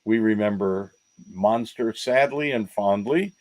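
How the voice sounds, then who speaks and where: A man's voice: on the low side, measured pace, darkish tone, rough recording. An American man co-hosting a podcast, introducing a guest in a wry, chatty way. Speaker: podcast co-host. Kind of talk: podcast chat.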